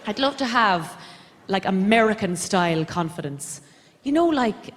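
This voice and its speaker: A young Irish woman performing stand-up comedy on a theatre stage, rambling in a deadpan, self-deprecating way. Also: on the high side, normal speed, very noisy. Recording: reverberant live theatre recording. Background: audience laughter.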